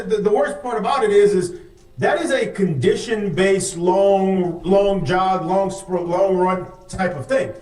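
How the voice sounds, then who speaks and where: A man, explaining old practice drills at length in casual sports podcast chat. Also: high voice. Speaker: former baseball player, co-host. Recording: echoey room, distant mic.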